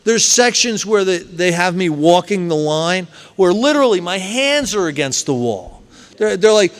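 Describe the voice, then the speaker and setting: A man speaking at a recovery meeting, telling his story with lively, acted-out scenes. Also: sits high, moderate pace. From New Jersey. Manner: animated storyteller, acts out scenes loudly. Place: meeting hall. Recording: long hall reverb.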